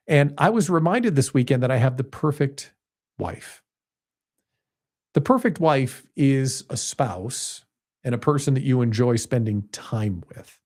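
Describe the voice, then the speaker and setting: A man in his fifties hosting a podcast, telling a personal story in a casual, animated way and jumping higher in pitch when he gets excited. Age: 50s. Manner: animated storytelling, jumps high when quoting himself excitedly. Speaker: podcast host. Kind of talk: casual monologue.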